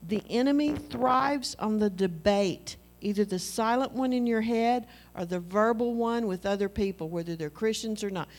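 A middle-aged woman preaching a sermon in an animated, conversational way, acting out little dialogues with her husband. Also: mid-range voice, moderate pace, few pauses, soft background music.

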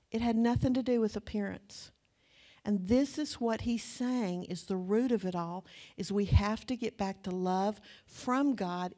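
A woman's voice: medium pitch, a little mellow. A woman in her sixties preaching a conversational sermon, chatty and putting questions to her listeners. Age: 60s. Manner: chatty, asks the audience questions.

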